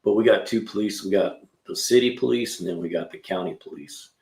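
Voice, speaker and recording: A talkative man with a low, gravelly voice rambles through stories for his live stream viewers. He uses plenty of slang and drifts from one story to the next. His voice bounces around a roomy garage. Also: fairly quick, darkish tone. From California. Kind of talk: casual chat, telling stories and answering chat. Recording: roomy echo.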